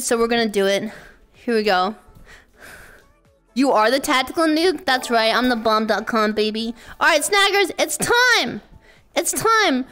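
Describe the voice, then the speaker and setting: High-voiced excitable woman streamer. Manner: excitable, laughs often, mock-exasperated outbursts. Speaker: VTuber streamer. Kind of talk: casual live-stream chat with viewers.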